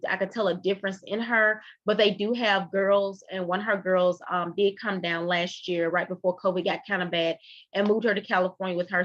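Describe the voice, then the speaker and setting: A woman's voice: medium pitch, a bit bright, dry recording. A female nursing instructor lecturing and telling a personal story in a conversational, rambling way with many fillers. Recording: dull, dry lo-fi recording.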